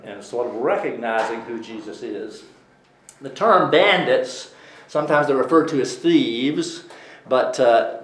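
A man's voice: medium pitch, slight background noise. A man teaching a Bible study class in a conversational way, putting questions to the class as he goes. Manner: conversational, asks the class questions, many restarts. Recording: echoey room.

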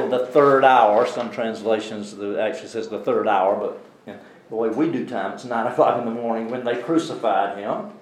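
Man teaching a Bible class, echoey room. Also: on the high side. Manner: conversational, asks the class questions, many restarts.

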